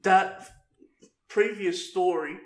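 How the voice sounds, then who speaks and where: A man's voice: high-pitched, fairly even intonation, takes it slowly, roomy sound. A man co-hosting a casual podcast, laughing often, swearing and calling people bro. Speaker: podcast co-host.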